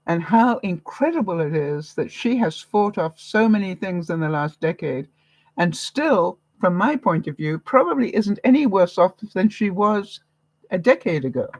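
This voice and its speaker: A woman's voice: lowish voice, darkish tone, dry recording, low-quality recording. A woman from Canada hosting a live vlog, giving viewers an encouraging, motherly pep talk. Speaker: vlogger host. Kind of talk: live-stream chat with viewers.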